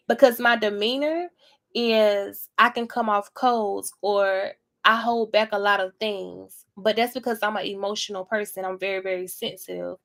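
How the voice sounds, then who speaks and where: A woman's voice: fairly high pitch, creaky. Blunt, profane woman reading tarot. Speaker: tarot reader. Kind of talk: casual tarot reading to camera.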